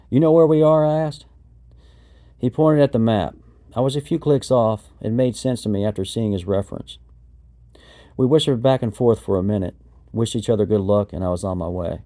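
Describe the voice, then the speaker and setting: Male narrator for a first-person memoir audiobook: a lowish voice, steady and matter-of-fact.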